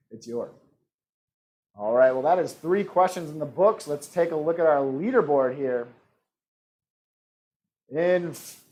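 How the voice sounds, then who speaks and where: A man's voice: high voice, a little mellow. A man hosting an online trivia game, reading questions and options in a joking, playful way. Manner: joking, reads multiple-choice options with playful voices. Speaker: trivia host. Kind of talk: live-streamed trivia hosting.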